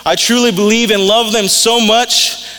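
A man's voice: high-pitched, fairly even intonation, normal speed, pushed and bright. A male pastor preaching a sermon in a casual, storytelling way, openly emotional. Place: church sanctuary. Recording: reverberant hall.

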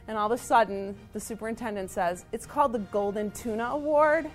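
A fairly high-voiced woman, a teacher, tells a story about herself with lively, self-mocking energy. Faint music plays softly behind her. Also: fairly quick. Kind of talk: personal storytelling.

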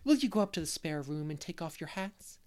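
A man reading aloud, voicing a lively middle-aged unmarried woman who loves make-believe and gushes over her guests. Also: fairly high pitch, brisk, close to an everyday voice. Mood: eager, fussy. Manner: gushing, fond of make-believe. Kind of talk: storybook character reading.

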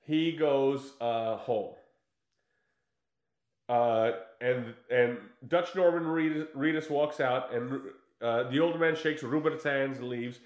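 A man's voice: medium pitch, slow pace, reverberant. A man casually recapping a film in chat, telling it with energy and acting out the lines he quotes. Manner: animated storytelling with acted-out quotes, swears freely. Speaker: podcast co-host recapping a film.

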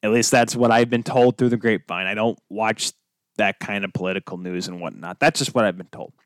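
A man with a fairly low, clear and resonant voice talks fairly quickly on his solo sports podcast. The studio recording has no room sound; his casual monologue drifts into tangents and jokes at his own expense.

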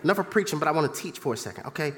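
An animated preacher whose pitch swings widely and whose tone stays bright and forceful. The sermon runs as call-and-response, with humor between the teaching. A long hall reverb trails each phrase in the church. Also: racing, slight background noise.

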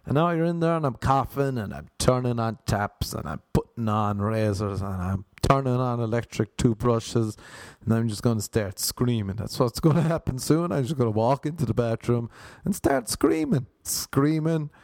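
Gravelly Irish man, comic rambling. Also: medium pitch, sing-song, normal speed, darkish tone, dry recording. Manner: rambling, self-mocking storytelling with frequent laughs. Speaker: comedian. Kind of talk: comic monologue.

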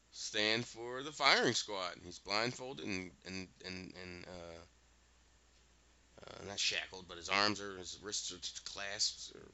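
Male podcast host, casual recap, lively storyteller, sharp bright tone, dry lo-fi sound. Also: fairly low pitch, clean tone. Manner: animated storyteller with quick asides.

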